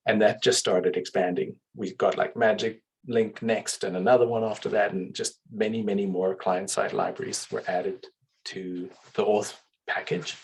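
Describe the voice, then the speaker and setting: A man speaking as a panel guest, explaining in a measured way with frequent "uh"s. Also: on the low side, fairly even intonation, vocal fry, husky, low-quality recording. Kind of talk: casual panel talk.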